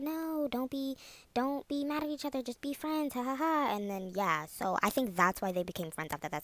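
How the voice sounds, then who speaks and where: A woman's voice: medium pitch, no room sound. A young woman vlogger telling a story in an exasperated, sassy way. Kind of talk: casual storytime.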